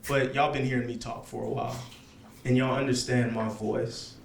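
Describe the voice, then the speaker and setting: A man's voice: mid-range voice, normal speed, creaky. A man performing a stand-up set in a lounge, telling stories with lots of check-ins to the crowd. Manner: animated storytelling with frequent check-ins to the crowd. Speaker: stand-up comedian. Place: comedy lounge with live audience. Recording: echoey club, faint room noise.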